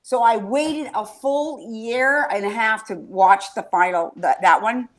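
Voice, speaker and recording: A woman's voice: fairly high pitch, measured pace. A woman hosting a casual podcast chat, rambling through stories, swearing freely and getting emotional. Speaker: podcast host.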